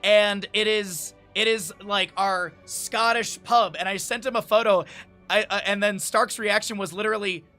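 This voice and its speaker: Chatty male streamer, high bright voice, quick laughs, faint music behind. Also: fairly even intonation. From Lake Tahoe area, United States. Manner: chatty, laughs often, reads aloud from a menu. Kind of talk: casual chat with live chat.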